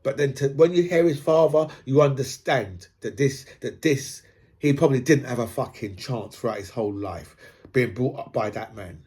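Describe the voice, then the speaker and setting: A man's voice: mid-range voice, moderate pace, a little mellow, slightly rough. A man ranting casually in a rambling monologue, swearing and tagging his points with "right?".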